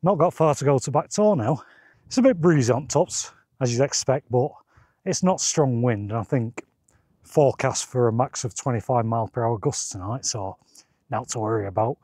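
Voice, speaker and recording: A breathless man talks casually to his camera on a windy moorland hilltop. His voice sits at an ordinary middle pitch and sounds close and dry, with an easygoing, chuckling manner. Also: moderate pace, darkish tone, breathy edge, no room sound. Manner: chatty and easygoing, chuckles between remarks. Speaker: wild camping vlogger. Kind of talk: casual talk to camera while hiking.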